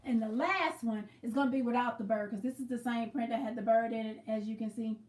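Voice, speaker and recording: High-voiced woman, chatty livestream host, echoey room, sits back from the mic. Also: fairly even intonation, brisk, a little mellow, far from the mic. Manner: chatty, greets viewers by name, explains as she works. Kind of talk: casual livestream chat while quilting.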